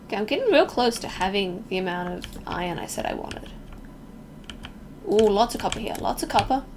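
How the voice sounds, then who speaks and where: A woman's voice: mid-range voice, sing-song, fairly quick, background noise. A young woman from Melbourne with an Australian accent, chatting casually with viewers while streaming a game, reacting aloud and joking at her own expense.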